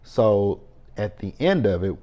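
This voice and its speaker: A man with a lowish voice recaps a TV episode in a loose, casual way. He talks animatedly, curses freely and keeps breaking into mocking asides. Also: muffled recording. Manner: animated, profane, quick to mock in exaggerated reactions. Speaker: TV recap host.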